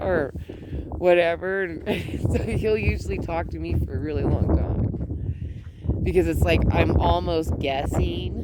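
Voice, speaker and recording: A woman's voice: low-pitched, heavy background noise. A middle-aged woman vlogging outdoors at home, chatting in a rambling way with many restarts. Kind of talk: casual chat.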